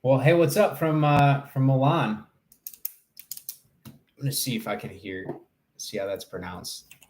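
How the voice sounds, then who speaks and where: Male streamer, young adult, unhurried, loose and joking, talks to chat from home. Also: medium pitch, a little mellow. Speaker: live streamer. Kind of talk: casual livestream chat.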